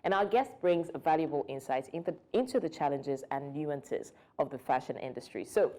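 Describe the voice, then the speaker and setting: A woman co-hosting a studio talk show, chatty and quick to laugh. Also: deep voice, dark tone.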